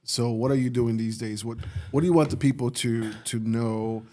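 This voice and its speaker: Soft-spoken male podcast host, mellow tone. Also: mid-range voice, steady tone, moderate pace, slight background noise. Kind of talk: casual interview questions.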